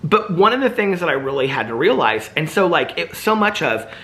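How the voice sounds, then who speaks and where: A man's voice: fairly high pitch, big pitch swings, fairly quick, sharp tone. A man vlogger in casual, reflective chat, rambling with lots of "like" and "you know".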